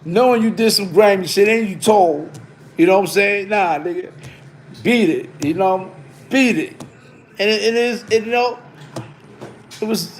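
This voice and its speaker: A man's voice: high voice, a little hiss or hum. A middle-aged man telling a story in casual street slang, tagging lines with "you heard?". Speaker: vlogger.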